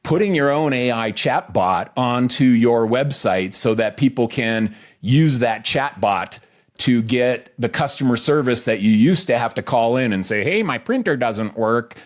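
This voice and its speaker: A man co-hosting a podcast, talking casually and energetically in quick bursts with restarts. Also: medium pitch, animated. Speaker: podcast co-host.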